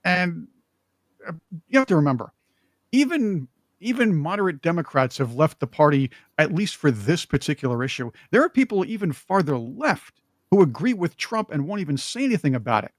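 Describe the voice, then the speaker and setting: A man hosting a political talk show, opinionated and joking, with emphatic, animated delivery. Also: a little high, moderate pace, no room sound, clean studio sound.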